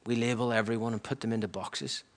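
A man preaching a sermon in an earnest, reflective way, often dropping to a hushed near-whisper. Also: on the low side, steady tone, fast talker.

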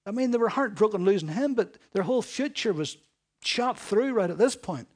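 Male preacher, slightly high voice, earnest expository sermon with dramatic soft-loud swings. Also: lively intonation, moderate pace. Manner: earnest, dramatic shifts between loud emphasis and soft hushed lines.

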